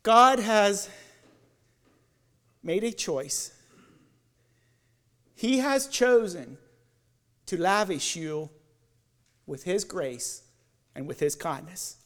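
A man giving an evening sermon as a lay preacher, leading listeners through guided imagery that builds and then softens. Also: high voice, very slow, pauses often. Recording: long church hall reverb.

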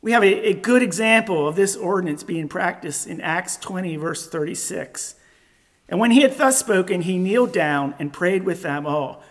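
A man preaching a sermon, reading Bible verses in a measured way and repeating key words for emphasis. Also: high voice, lively intonation. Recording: long hall reverb.

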